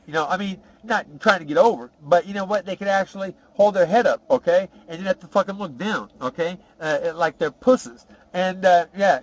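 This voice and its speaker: A man's voice: a little high, dull audio, lightly acted. A man putting on a swaggering ex-con storyteller. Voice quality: rough, profane, rambling storyteller. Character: boastful tough male ex-convict telling prison stories. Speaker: podcast host in character. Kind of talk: comic character monologue.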